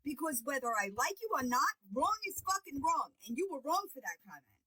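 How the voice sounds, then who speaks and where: A woman livestream host delivers a confrontational call-out full of swearing and taunts. Her voice sits high and swings widely in pitch as she presses each point. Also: sing-song, fairly quick, pushed and bright. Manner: confrontational, profane, mocking.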